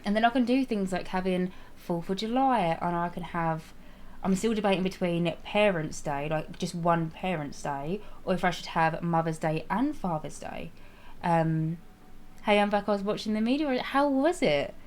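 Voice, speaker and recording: A woman's voice: fairly low pitch, moderate pace, darkish tone, a little hiss or hum. A young woman streaming a life-sim game, chatting casually with viewers, giggling, restarting sentences and apologizing as she goes.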